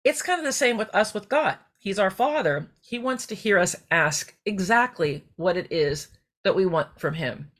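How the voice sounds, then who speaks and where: A woman's voice: medium pitch, animated, moderate pace. A middle-aged woman hosting a faith-based personal podcast, talking in a heartfelt, rambling way that wanders off on tangents. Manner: rambling, heartfelt, digressive, with restarts. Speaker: podcast host.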